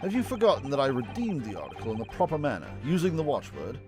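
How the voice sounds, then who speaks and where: A man voicing an indignant, pompous gentleman suspect in a game, haughty and affronted. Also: medium pitch, wildly swooping pitch, quick pace, music in the background.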